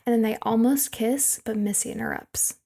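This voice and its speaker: A woman's voice: fairly high pitch, steady tone, normal speed, vocal fry, dark tone. A young woman co-hosting a podcast, casually recapping a movie and laughing often. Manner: chatty, laughs often, recaps plot scenes. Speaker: podcast co-host.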